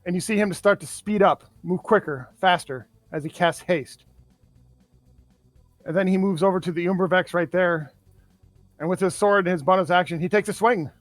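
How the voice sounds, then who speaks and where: A man's voice: high voice, normal speed, dry recording, soft background music. A man playing a tabletop game who narrates his own character's actions with some hesitation. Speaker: player. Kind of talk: casual tabletop game play.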